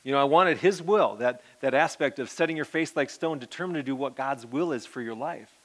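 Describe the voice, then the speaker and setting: A middle-aged man, a pastor, giving an earnest personal testimony that rambles with restarts and often sinks to a soft murmur. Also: mid-range voice, a little fast.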